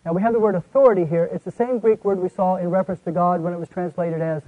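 An older man teaching a Bible class in a folksy way, asking the group questions and answering them himself, and reading scripture aloud slowly and with emphasis. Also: high-pitched, fairly even intonation, phone-quality sound. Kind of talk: conversational Bible study teaching.

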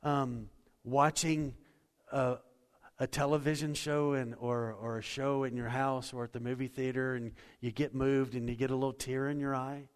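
A pastor preaching a sermon, conversational and earnest, dropping to hushed intensity and rising to louder emphasis. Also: male voice, medium pitch, little pitch movement, moderate pace. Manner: conversational, folksy storytelling with restarts. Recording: long church reverb.

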